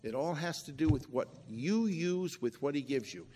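A man's voice: fairly high pitch, expressive, normal speed, warm tone, long reverb tail, a little hiss or hum. A man preaching a sermon in a conversational way, asking rhetorical questions and quoting scripture verses.

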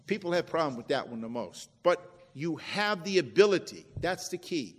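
High-voiced preacher in a reverberant hall. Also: male voice, very animated, normal speed, a bit bright. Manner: conversational preaching with rhetorical questions and quoted verses. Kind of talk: sermon.

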